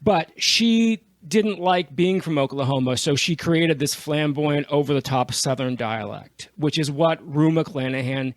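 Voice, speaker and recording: Guy on a podcast telling stories, bit high voice, laughs a lot, super dry close mic. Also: unhurried, hardly any pauses, no room sound. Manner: animated storyteller, laughs often, acts out quotes. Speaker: podcast co-host. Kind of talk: casual podcast chat.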